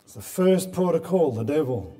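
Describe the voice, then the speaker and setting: Earnest preacher in a reverberant hall. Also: male voice, a little high, big pitch swings, normal speed, warm tone. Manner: earnest, repeats words when building a point. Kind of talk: sermon.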